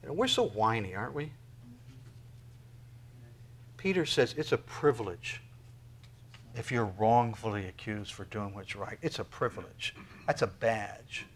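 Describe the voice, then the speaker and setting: A man preaching a sermon, talking to the congregation with rhetorical questions and swinging from loud emphasis to near whispers. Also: fairly low pitch, unhurried, long pauses. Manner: emphatic preaching with sudden loud peaks and quiet drops. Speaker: pastor.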